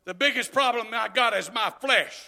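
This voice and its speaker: A man preaching a sermon, folksy and joking, dropping to quiet asides and then shouting exhortations. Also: very high-pitched, moderate pace, creaky.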